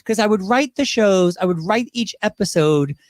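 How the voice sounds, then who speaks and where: A man who performs drag and impersonations speaks at a moderate pace in a high voice, with no echo in the recording. Telling stories in a casual interview, he's a lively chatterbox who breaks into voices.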